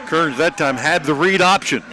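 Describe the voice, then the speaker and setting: A man giving play-by-play for a high school football game, calling each snap quickly and joking like an auctioneer. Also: pushed and bright. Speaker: play-by-play announcer.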